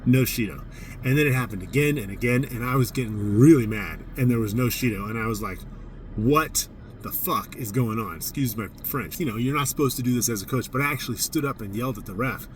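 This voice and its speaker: A judo coach with a medium-pitched voice tells a tournament story at a quick pace, candid and poking fun at himself. He gets animated when recounting his own outbursts. The recording is distant, with slight background noise.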